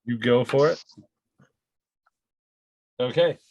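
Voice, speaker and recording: A man narrating as game master of a tabletop game, halting with many fillers and frequent laughter. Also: medium pitch, a little mellow, muffled recording.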